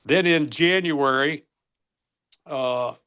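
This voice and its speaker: A man's voice: a little high, extremely slow, pushed and bright, clear, resonant tone. An older man, a former baseball coach, earnestly telling an emotional personal story in an interview, often stopping to correct himself.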